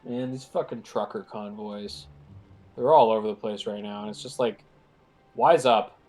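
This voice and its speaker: With a stuffed-up nose, a man guests on a game stream, chatting casually, rambling and joking with plenty of fillers. His voice is on the low side and a bit dark, steady in tone at a normal speed.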